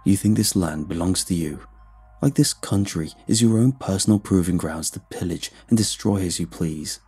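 A man voicing a menacing ancient shapeshifting being who poses as a male hermit, speaking slowly, low and ominous. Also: mellow, slightly rough, soft background music.

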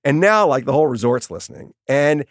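A middle-aged man telling lively stories about his daughter as a guest in an interview. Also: medium pitch, fairly quick, no room sound, clean studio sound. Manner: animated storyteller, acts out quotes. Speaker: guest, author. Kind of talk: storytelling in an interview.

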